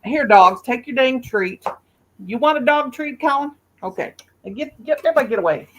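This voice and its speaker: A woman's voice: high-pitched, expressive, a little fast. A woman, hosting a casual live-stream chat in a folksy, teasing way. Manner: folksy, teasing, calls people honey and shug. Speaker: host.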